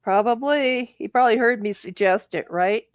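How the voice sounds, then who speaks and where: A woman's voice: on the high side, moderate pace, clean tone. A woman making brief, dry remarks from away from the microphone.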